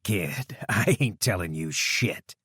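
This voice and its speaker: A man doing a sneering scar-faced thug, low and dry. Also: lively intonation, slow, a bit bright, slightly rough, no room sound, heavily acted. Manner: sneering, defiant, then pleading. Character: ruthless thug with scarred face.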